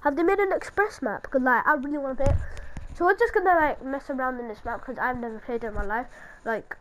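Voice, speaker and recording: A woman giving casual commentary over her own gameplay, excitable and taunting other players. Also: sits high, quick pace, a little hiss or hum, poor audio.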